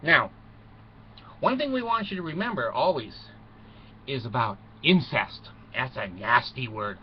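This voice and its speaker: A man's voice: medium pitch, lively intonation, a little slow. A man telling a mock bedtime story to children in a folksy, rambling way, full of chuckles and asides. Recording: muffled recording with faint noise.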